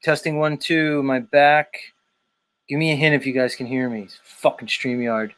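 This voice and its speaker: A man's voice: mid-range voice, level tone, moderate pace, a bit bright, smooth. A man hosting a livestream show, chatting loosely with guests and the chat, swearing freely. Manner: loose and profane, talks to the chat. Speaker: livestream host.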